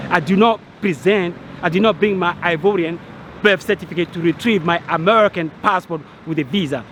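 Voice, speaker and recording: A man with a high voice vents his frustration to the camera on a city street. He is agitated and exasperated, tripping over restarts and repeating himself. Faint traffic hums behind him. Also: fairly bright tone. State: agitated, annoyed. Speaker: vlogger. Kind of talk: angry rant to camera.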